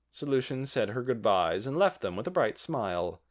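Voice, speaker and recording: A man narrating an audiobook with expressive reading. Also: medium pitch, moderate pace, hardly any pauses.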